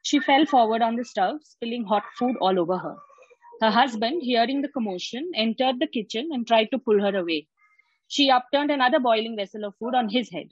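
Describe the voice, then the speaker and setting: A woman in a writing workshop reading her own piece aloud in a steady, even way over a video call. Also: a little high, fairly quick, breathy edge, no echo. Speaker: workshop participant. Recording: dry, dull video call audio.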